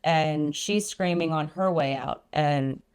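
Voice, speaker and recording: A woman guest on a podcast, earnestly recounting a personal experience, often pausing and restarting her sentences. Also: deep voice, a little mellow, smooth. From Iran. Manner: earnest, halting, frequent restarts and ums. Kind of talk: personal storytelling.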